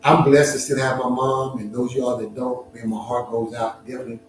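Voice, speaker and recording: A man's voice: medium pitch, little pitch movement. Middle-aged man telling a personal story in an echoey room. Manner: emotional, reflective, halting with frequent restarts. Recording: very echoey room, distant mic, music behind.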